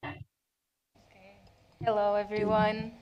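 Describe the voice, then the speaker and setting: A woman's voice: medium pitch, monotone, takes it slowly, highs cut off. A woman moderating an online panel discussion and inviting the guests to introduce themselves.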